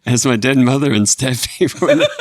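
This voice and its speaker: A man's voice: medium pitch, gravelly, husky, dry recording, studio quality, pitched above the performer's own voice, full character voice. A man putting on a wisecracking middle-aged New York standup comedian with a shaky accent, breaking into giggles as he reads. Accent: attempted New York. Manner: keeps breaking into giggles mid-joke.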